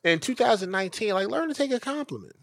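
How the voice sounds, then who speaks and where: A young adult man co-hosting a podcast, telling a story in a loud, animated, profane way and acting out the people in it. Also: high-pitched, fast talker, vocal fry, no echo. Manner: animated, profane, acts out dialogue. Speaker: podcast co-host. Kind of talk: casual storytelling chat.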